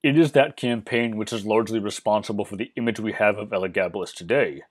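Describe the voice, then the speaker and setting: A man narrating a history lesson, measured and explanatory with dry, wry asides. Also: on the low side. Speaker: history channel host.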